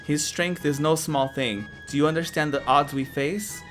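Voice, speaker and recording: A woman's voice: low-pitched, fairly even intonation, normal speed, soft background music, lightly acted. A woman reading the lines of a young male knight who speaks in formal, old-fashioned phrasing. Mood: solemn.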